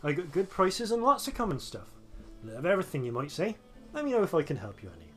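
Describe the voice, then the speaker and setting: A man's voice: a little high, huge pitch swings, fast, fairly bright tone, faint music behind. A man voicing a small male gnome shopkeeper in a put-on halfling-style accent, talking like an eager, folksy salesman.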